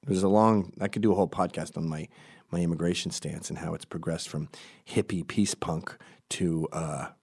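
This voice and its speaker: Lower-voiced man in a rambling comic monologue. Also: fairly even intonation, normal speed, vocal fry, a little mellow, breathy edge. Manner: crude, digressive, self-interrupting.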